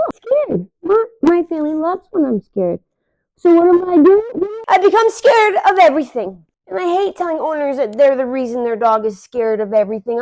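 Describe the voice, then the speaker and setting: High-voiced woman in her forties ranting. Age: 40s. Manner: rambling and emphatic, with restarts. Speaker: dog trainer vlogger. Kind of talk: casual unscripted rant.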